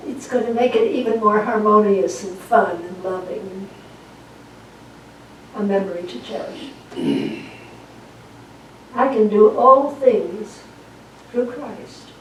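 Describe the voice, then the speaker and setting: A woman minister preaching and leading spoken affirmations in a church. She talks slowly and deliberately and repeats key phrases for emphasis. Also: mid-range voice, slight background noise. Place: church sanctuary. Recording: echoey room, voice from far off the mic.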